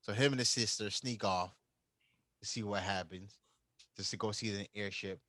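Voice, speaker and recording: A man's voice: lowish voice, normal speed, pushed and bright, no room sound, low-quality recording. A man co-hosting a podcast, casually recapping an anime plot and acting out the characters' lines. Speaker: podcast co-host.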